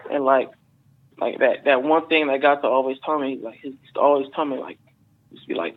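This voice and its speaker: A man's voice: mid-range voice, steady tone, fairly quick. Man telling stories over a tinny phone line. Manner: rambling, full of fillers like "like" and "man", swears casually. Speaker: MMA fighter guest. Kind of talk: casual interview storytelling. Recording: phone-like narrow band.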